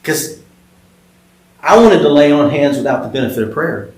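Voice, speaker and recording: Middle-aged pastor, slightly high voice, chatty and halting, echoey church sound. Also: male voice, lively intonation, a little mellow. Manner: conversational, frequent fillers and restarts. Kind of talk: sermon with personal story. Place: church sanctuary.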